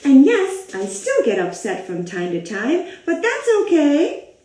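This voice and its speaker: A woman reading aloud as a grumpy male grape who learns to let go, in a lively storybook way with gasps. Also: high voice, measured pace, exaggerated voice. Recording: roomy echo.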